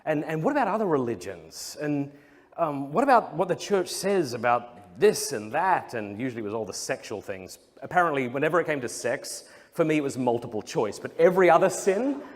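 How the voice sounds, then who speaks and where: In a comedic talk before a live audience, a young Australian Catholic speaker jokes through his stories and acts out other people's voices. He's very animated and a little fast, his voice on the high side, in a reverberant hall with faint crowd ambience.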